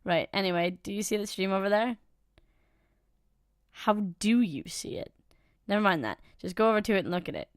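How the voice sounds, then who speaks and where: A woman's voice: mid-range voice, expressive, normal speed, no room sound, close to an everyday voice. Snarky talking katana, read by a woman, brusque and teasing, dry and close. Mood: bossy.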